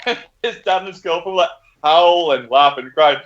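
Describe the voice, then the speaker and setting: His voice a little high and his speed normal, this livestream co-host in his thirties chats casually about gaming. He tells animated stories, laughing often and swearing freely, in muffled lo-fi audio.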